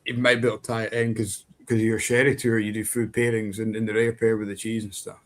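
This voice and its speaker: A man's voice: on the low side, level tone, fast. A man hosting a casual podcast conversation, easygoing and affirming, with light teasing.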